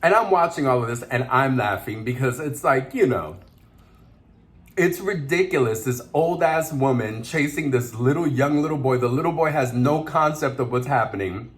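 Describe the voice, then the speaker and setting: A man's voice: medium pitch, expressive, normal speed. A man vlogger eating on camera while telling a story, chatty and laughing, mixing in Spanish words. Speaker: mukbang vlogger.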